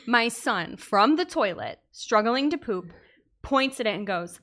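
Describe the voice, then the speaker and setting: A woman co-hosting a podcast, telling a story in casual chat, animated and laughing often. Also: a little high, measured pace. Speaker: podcast co-host.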